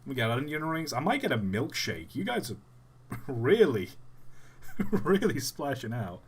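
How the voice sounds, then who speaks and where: Young man, live streamer, chatty, jokey, animated pitch. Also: normal speed, slight background noise. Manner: chatty, jokey, trails off and restarts. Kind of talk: casual live-stream commentary.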